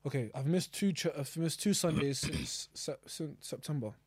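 A young man, chatting casually as a podcast co-host in quick slangy talk. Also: on the high side, lively intonation, breathy edge, no room sound. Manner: quick slangy talk, often laughing loudly. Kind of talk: casual chat.

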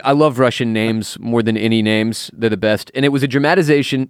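A man's voice: mid-range voice, fairly quick, few pauses, clean tone, no echo. A man co-hosting a podcast in a recording studio, loose and joking, who swears casually. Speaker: podcast co-host. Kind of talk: casual chat.

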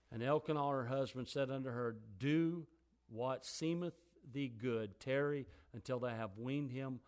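A man preaches a sermon, reading scripture quietly in a lower voice. As he preaches on it, he grows loud and high.

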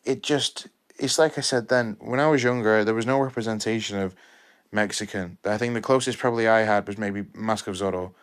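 A man's voice: lowish voice, fairly even intonation, a little fast. A man, talking earnestly in a solo podcast review, often repeating himself and restarting his sentences. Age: 20s. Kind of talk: impassioned solo monologue.

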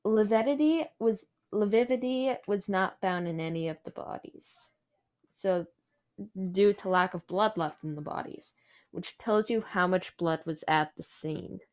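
A woman's voice: medium pitch, unhurried. A woman hosts a true crime podcast and recounts the case to a co-host. Her delivery is chatty and loose, with plenty of fillers.

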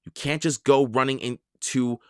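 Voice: mid-range voice, steady tone, unhurried, dry recording, clean studio sound, lightly acted. A reader voicing a cautious bookish young boy. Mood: urgent. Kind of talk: children's audiobook reading.

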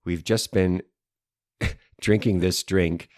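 A man's voice: low voice, steady tone, takes it slowly, a little mellow, no echo, studio quality. A man co-hosting a casual chat show, playful and fond of fancy learned words. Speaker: podcast co-host.

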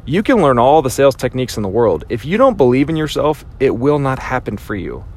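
A man's voice: mid-range voice, very animated, fairly quick, a little mellow. A man giving a motivational speech, emphatic and repetitive, acting out his inner voice now and then. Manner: emphatic, repeats phrases for impact, acts out inner voices. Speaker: motivational speaker.

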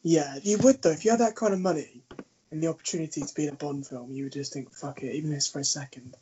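Talking fast in a fairly high, slightly rough voice, this man co-hosts a podcast and tells animated stories, cursing freely and laughing plenty in relaxed conversation. The recording sounds dull and lo-fi.

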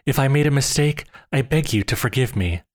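A man voicing a small, timid female sparrow that gently begs forgiveness in a storybook reading. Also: medium pitch, animated, brisk, voice pushed up, natural voice. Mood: pleading. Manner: pleading, gentle.

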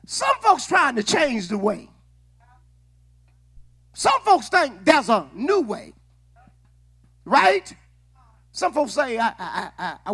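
High, bright-voiced preacher man. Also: wildly swooping pitch, slow, pauses often, breathy edge. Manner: call-and-response preaching, shouting at peaks. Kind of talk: sermon.

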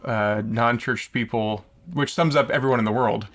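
A man's voice: medium pitch, moderate pace, fairly bright tone. A man pastor co-hosting a podcast from his church office, joking and rambling with many restarts and fillers. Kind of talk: casual chat. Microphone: podcast mic on a small soundboard.

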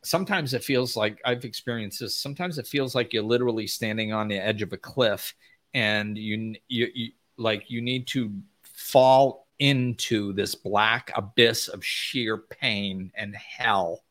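A man giving an unscripted motivational talk as a spiritual teacher, blunt and emphatic, often mimicking whiny voices in a high pitch. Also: unhurried, a bit bright.

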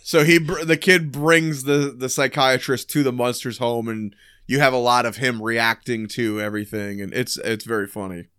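Casual profane man, smooth dry voice. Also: mid-range voice, steady tone, fairly bright tone, no echo. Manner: loose and profane, acts out scenes in quick voices. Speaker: podcast co-host. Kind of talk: casual chat about old sitcoms.

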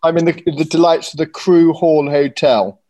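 A man's voice: a little high, fairly even intonation, normal speed, dark tone. A man, a panelist, joining a video call from a hotel and joking.

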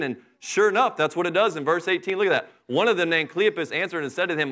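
A middle-aged man delivers a sermon in a relaxed, conversational way and speaks straight to his congregation. His voice sits a little above the usual male range. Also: on the high side, quick pace, hardly any pauses. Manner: conversational preaching, acts out Bible characters in asides. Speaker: pastor.

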